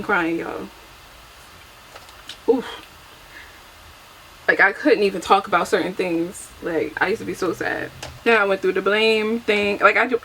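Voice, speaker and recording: A chatty young woman talks casually while doing her makeup at home, laughing at herself as she goes. Her voice sits at an ordinary middle pitch, picked up by a camera mic with a faint hiss underneath. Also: a bit bright, rough recording. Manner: chatty and self-deprecating, laughs often. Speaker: beauty vlogger. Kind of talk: casual get-ready-with-me chat.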